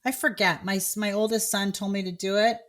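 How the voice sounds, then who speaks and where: A middle-aged woman hosting a podcast in casual chat, playful and talkative, dropping to low mutters and jumping to high exclamations. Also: fairly even intonation, a little fast, over a noisy crowd. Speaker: podcast host.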